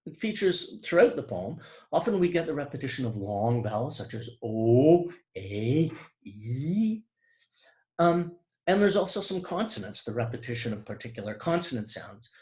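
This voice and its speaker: Animated man lecturing on poetry. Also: mid-range voice. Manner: animated, explanatory, with hesitant fillers and restarts; slows down to stress key terms. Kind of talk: online literature lecture.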